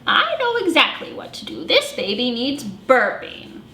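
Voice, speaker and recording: A woman's voice: high-pitched, unhurried, slight background noise, full character voice. Woman reading as a wise old granny bear, knows what's what, echoey room. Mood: knowing. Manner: knowing, steady.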